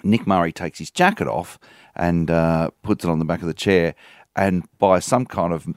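A man's voice: low voice, normal speed, dry recording, clean studio sound. A man, a comedian telling a wry anecdote in casual chat. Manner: storytelling, wry.

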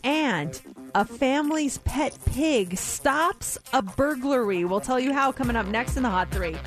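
Chatty woman radio host, bright voice. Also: high voice, unhurried, faint music behind. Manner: chatty storyteller, animated. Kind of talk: casual radio chat and news segment. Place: radio studio. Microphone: studio mic.

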